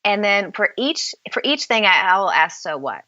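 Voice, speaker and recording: A woman's voice: medium pitch, animated, normal speed, sharp tone, dry recording, muffled recording. A woman author, a guest on a podcast interview, giving candid advice and acting out remembered conversations as she tells stories. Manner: candid storyteller, acts out dialogue.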